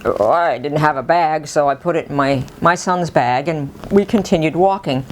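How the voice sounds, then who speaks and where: A woman's voice: low-pitched, normal speed, slight background noise. Chatty middle-aged woman telling a story. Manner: chatty and animated, laughs often. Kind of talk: casual spoken storytelling.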